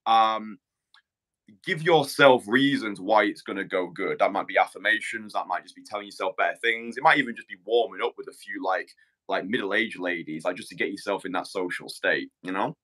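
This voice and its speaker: A man's voice: fairly low pitch, fairly quick, bright, forceful tone. A man hosting a podcast as a dating coach, talking bluntly in casual chat, swearing and restarting his sentences.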